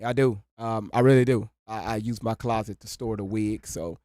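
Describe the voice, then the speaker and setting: A man's voice: fairly low pitch, steady tone, normal speed, mellow, no room sound, studio quality. A man, hosting a casual livestream, rambling, swearing freely and breaking into laughter. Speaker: livestream host.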